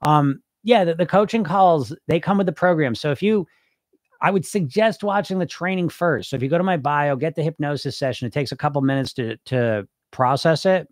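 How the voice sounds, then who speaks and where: A man's voice: a little high, brisk, dry recording, studio quality. A man who works as a weight loss hypnosis coach, chatting casually on a livestream, reading viewer comments and swearing now and then.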